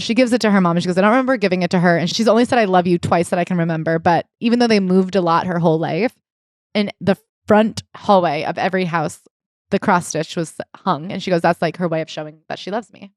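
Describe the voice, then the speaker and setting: A woman's voice: lowish voice, quick pace, dry recording, studio quality. Woman co-hosting a jokey book chat. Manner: animated, jokey, reads passages aloud. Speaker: podcast co-host. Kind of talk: casual book club chat.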